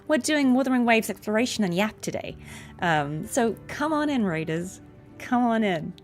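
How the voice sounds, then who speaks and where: A young adult woman, a voice actress, chatting casually on a livestream and explaining voice technique with quick demonstrations. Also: medium pitch, very animated, faint music behind. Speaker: voice actress streaming a game.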